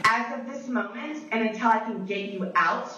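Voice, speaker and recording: A woman's voice: on the high side, normal speed, highs cut off. A woman in a heated argument at home, filmed on a phone, repeating threats and demands in a confrontational way. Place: bedroom and hallway at home. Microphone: phone camera. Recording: distant echoey noisy phone video played back.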